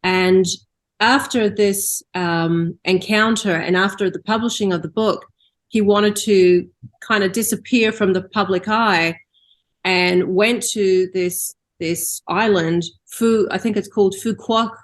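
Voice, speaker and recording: A woman hosting an interview at an everyday mid pitch. She talks in a relaxed conversational way, recapping what she knows and asking follow-up questions. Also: slow. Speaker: interview host. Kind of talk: casual interview.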